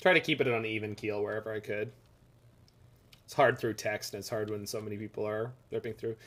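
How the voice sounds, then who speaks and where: A man's voice: on the low side, steady tone, quick pace, a bit bright. A man streaming a game, chatting casually and rambling as he reads the chat aloud. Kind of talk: casual live-stream chat over gameplay.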